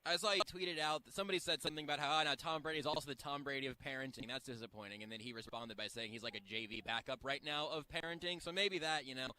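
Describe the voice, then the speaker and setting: A man hosting a sports radio show, interviewing a guest in a quick, chatty way. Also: mid-range voice, sharp tone, a little hiss or hum, low-quality recording. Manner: quick, chatty, laughs often.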